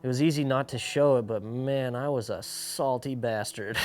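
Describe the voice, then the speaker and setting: A young pro skateboarder tells his personal story candidly, speaking at a medium pitch and moderate pace with a slightly mellow tone. His talk is casual and slangy, packed with "like," and he acts out what other people said. Soft music plays in the background.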